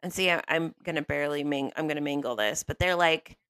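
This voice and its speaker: A woman's voice: low voice, fast talker, fairly bright tone, slight background noise. A woman co-hosting a casual podcast roundtable, hesitant and self-interrupting. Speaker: podcast co-host.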